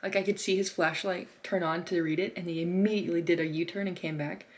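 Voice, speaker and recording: A woman's voice: fairly low pitch, steady tone, quick pace. A young woman artist telling a casual travel story in a chatty way, full of fillers and acted-out quotes. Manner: chatty, lots of fillers, acts out quoted voices. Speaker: artist vlogger.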